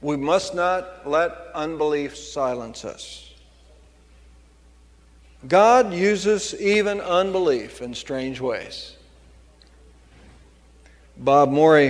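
A male pastor delivers a sermon in a notably high voice, hammering his points with repeated phrases. His words ring out with a long reverberant tail from the church sanctuary around him. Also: a little mellow. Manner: preaching with emphatic repetition.

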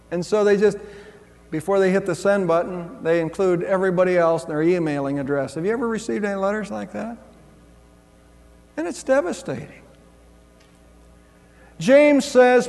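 A man's voice: very high-pitched, a little mellow. A man preaching a sermon as pastor, earnest and conversational, with frequent restarts. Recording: long hall reverb.

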